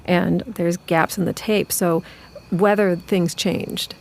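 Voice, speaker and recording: A woman's voice: lowish voice, fairly even intonation, slow, vocal fry. Reflective woman telling a story. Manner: reflective, conversational. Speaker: narrator. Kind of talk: personal storytelling. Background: music.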